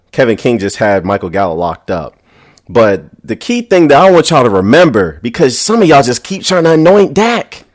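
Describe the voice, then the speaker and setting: A man hosting a sports podcast, briskly recapping a football game and teasing rival fans. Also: mid-range voice. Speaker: podcast host.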